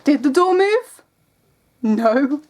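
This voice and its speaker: A woman's voice: high-pitched, sing-song, very slow, darkish tone, slight background noise. A young woman vlogging at home, telling stories in a rambling, giggly way. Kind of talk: casual vlog chat.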